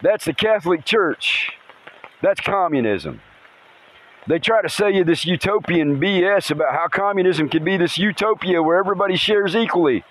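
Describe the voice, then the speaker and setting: A man hosting a podcast outdoors in a rainstorm by a river, talking in an excitable, rambling way and swearing casually. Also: high voice, moderate pace, poor audio. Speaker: podcast host. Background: faint rain and river ambience.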